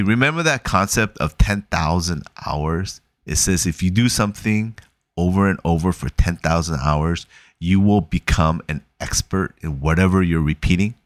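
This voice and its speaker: A man's voice: low voice, fairly bright tone, no room sound, clean studio sound. A man talking casually on his own podcast, telling a story with conversational asides and short chuckles. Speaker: podcast host. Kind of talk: casual solo podcast monologue.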